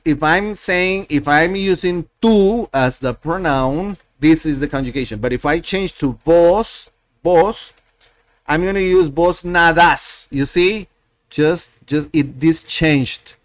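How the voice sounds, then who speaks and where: A man teaching a Spanish lesson, slowly and patiently repeating example sentences as he walks through verb endings. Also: a little high, no room sound. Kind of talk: screen-share language lesson.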